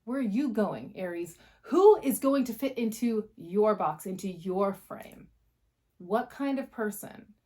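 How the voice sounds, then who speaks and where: A woman giving a casual tarot reading to camera, blunt and passionate, swearing freely and talking in quick bursts. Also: medium pitch, expressive, mellow. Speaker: tarot reader.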